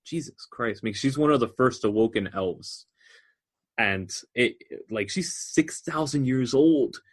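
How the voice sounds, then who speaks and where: A man's voice: mid-range voice, animated, unhurried, husky. A man co-hosting a podcast in casual chat, animatedly explaining book lore at length. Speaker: podcast co-host.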